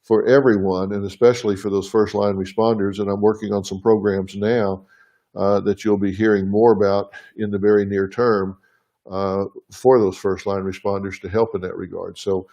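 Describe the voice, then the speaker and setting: A man's voice: lowish voice, darkish tone. A man hosting a live show from his home, speaking earnestly and plainly to viewers, thinking aloud as he answers their questions. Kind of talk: live casual address to viewers.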